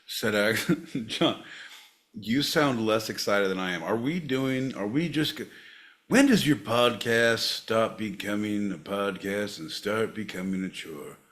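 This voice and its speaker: Theatrical, bright-voiced podcast man. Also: on the low side, a little slow. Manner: theatrical, mock-solemn, mock-infomercial. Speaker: podcast co-host. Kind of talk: comedic podcast banter.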